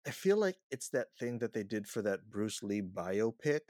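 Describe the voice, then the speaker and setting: Brief: man, lower voice, podcast co-host reviewing films, dry close mic. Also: normal speed, dry recording. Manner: animated, mocks scenes with quoted reactions. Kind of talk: casual movie review chat.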